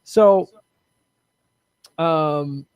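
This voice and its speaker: A man's voice: a little high, very slow, clear, resonant tone, no room sound, lo-fi sound. Jokey man hosting a podcast. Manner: loose, profane, jokey, reads news aloud. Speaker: podcast host. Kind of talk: casual political chat.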